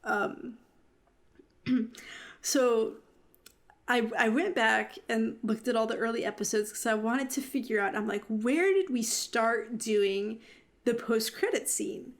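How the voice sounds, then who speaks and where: A chatty woman co-hosts a relaxed podcast. Her voice sits a little high, and she giggles easily while rambling through her memories with fillers. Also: slow. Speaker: podcast co-host. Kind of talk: casual chat.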